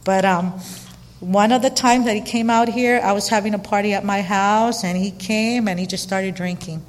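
A middle-aged woman candidly telling her own life story, chatty and animated with lots of fillers. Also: mid-range voice, normal speed. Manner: chatty and animated, frequent fillers and quoted dialogue. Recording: long reverberant hall.

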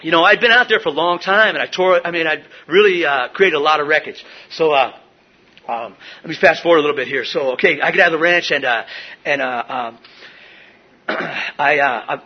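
A man's voice: a little high, brisk, breathy edge, highs cut off. A middle-aged man sharing his recovery story at a meeting, rambling with many fillers and restarts. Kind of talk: personal recovery share. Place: meeting room.

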